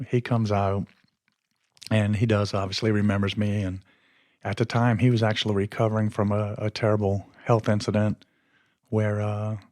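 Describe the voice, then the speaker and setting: A man's voice: lowish voice, a little mellow, no room sound, clean studio sound. A man hosting his podcast, telling a story in a rambling, conversational way. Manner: rambling and conversational, often losing his train of thought. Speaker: podcast host. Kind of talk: casual storytelling monologue.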